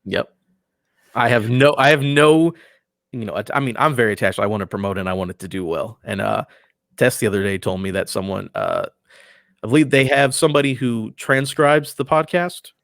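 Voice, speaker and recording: A man who is a voice actor and podcaster, a guest in a casual interview, talking in a relaxed, enthusiastic way and often trailing off softly. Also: medium pitch, brisk, no room sound, clean studio sound.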